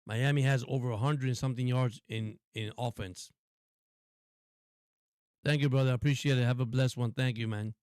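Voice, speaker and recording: A man's voice: mid-range voice, steady tone, normal speed, pauses often, a little mellow, no echo, studio quality. A man hosting a casual live football stream, giving chatty play-by-play and talking to his viewers. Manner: chatty, laughs often, talks to viewers. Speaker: sports stream host.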